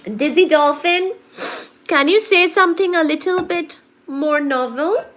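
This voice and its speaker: A woman's voice: very high-pitched, unhurried, fairly bright tone. A woman hosting a live stream who has a bit of a cold, playfully reading viewer comments aloud and answering them. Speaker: livestream host reading viewer chat. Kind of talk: casual live-stream chat.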